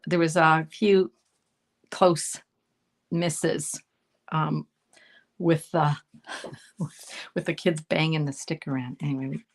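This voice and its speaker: A woman from Canada giving a casual live card-making demonstration, chatting and thinking aloud as she colors, often dropping to a soft murmur. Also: low voice, creaky.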